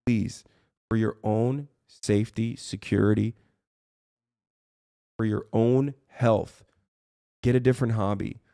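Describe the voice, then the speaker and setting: A man's voice: fairly low pitch, fairly even intonation, slow pace, creaky, long pauses, warm tone, no room sound, studio quality. A man ranting on his livestream, heated and profane, rambling as he talks to his chat from his streaming room.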